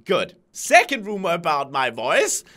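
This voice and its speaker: A man's voice: on the high side, huge pitch swings, measured pace, pushed and bright. Young guy talking to camera, nervous and earnest, voice jumps all over. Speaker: YouTuber. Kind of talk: casual talk to camera.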